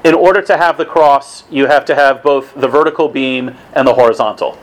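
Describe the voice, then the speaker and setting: A man's voice: medium pitch, brisk, rough recording. A man giving a conversational religious talk to a weekly evening group, casual in tone, with restarts and asides.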